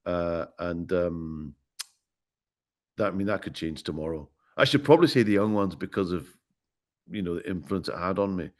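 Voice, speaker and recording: Joking and playful, this middle-aged guest actor from Scotland speaks with a Glaswegian accent during a relaxed interview chat. His voice is low-pitched and moves at a moderate pace.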